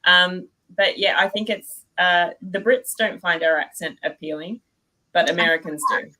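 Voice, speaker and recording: A woman from Australia with an Australian accent, chatting as a guest author in a casual interview, self-deprecating and quick to laugh. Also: on the low side, fairly even intonation, bright, forceful tone, low-quality recording.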